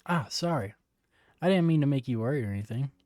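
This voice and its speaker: A man's voice: mid-range voice, lively intonation, quick pace, darkish tone, no echo, lightly acted. A man voicing a worried teen boy, reading his lines plainly and earnestly.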